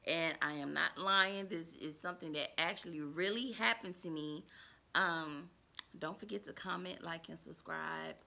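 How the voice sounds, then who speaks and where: Woman, vlogger, storytime, animated, dramatic, bright voice. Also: on the low side, moderate pace, vocal fry. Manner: animated, dramatic, swinging from loud to hushed. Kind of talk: storytime vlog.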